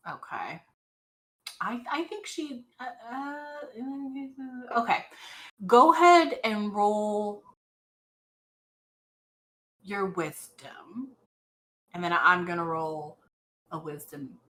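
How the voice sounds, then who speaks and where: A woman running a tabletop role-playing game as game master, narrating slowly with many fillers and restarts. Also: medium pitch, big pitch swings, a bit bright, poor audio.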